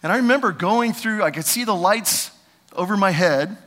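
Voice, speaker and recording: A man in his fifties preaching a sermon as pastor, swinging between loud preaching and hushed asides. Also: high-pitched, expressive, normal speed, long reverb tail. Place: church.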